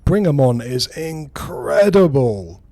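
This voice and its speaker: A man's voice: on the high side, very animated, slow, mellow, no room sound. A man streaming a strategy game who talks through his moves in rambling, casual commentary and swears freely.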